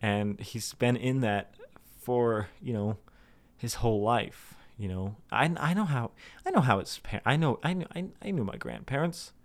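With lively intonation and a moderate pace, a young vlogger opens up to camera in a rambling, self-mocking way. He restarts a lot, swears now and then, and mimics his nervous inner voices in an abrupt high register.

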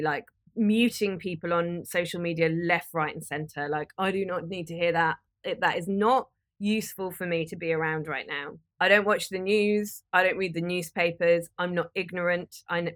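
A woman, hosting a podcast and giving earnest, direct, gently emphatic advice. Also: on the low side. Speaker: podcast host. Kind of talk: motivational advice talk.

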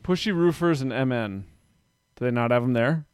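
A man's voice: medium pitch, expressive, normal speed, smooth, dry recording. A man in his thirties chatting casually, rambling through stories about his kids and doing their voices. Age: 30s. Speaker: parent telling stories. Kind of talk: casual chat.

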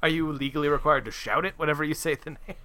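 A man's voice: on the high side, steady tone, fast, pushed and bright. A man co-hosting a casual podcast chat, joking and arguing playfully with lots of fillers. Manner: joking, argumentative, filler-heavy. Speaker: podcast co-host.

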